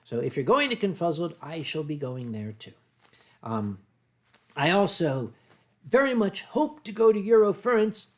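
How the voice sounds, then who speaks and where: Middle-aged Philly-accented man, slightly high voice, loose rambling chat with frequent throat-clearing; streamer reading chat. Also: big pitch swings, normal speed. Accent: Philadelphia. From United States. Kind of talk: casual livestream chat.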